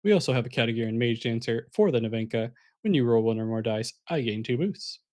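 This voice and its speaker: A man with a mid-pitched voice calls an online card game match live. He talks in a loose, chatty way, explains each play as it happens and turns to speak to the viewers in chat. He sounds a little sleepy. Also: expressive, fast, darkish tone. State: sleepy, yawning. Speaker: caster.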